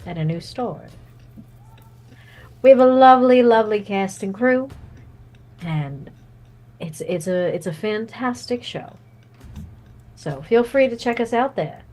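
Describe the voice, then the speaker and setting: A woman's voice: medium pitch, expressive, unhurried, pauses often, a little mellow, soft background music. Playful chatty woman gamer. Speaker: tabletop game player. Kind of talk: casual chat, plugging her channels.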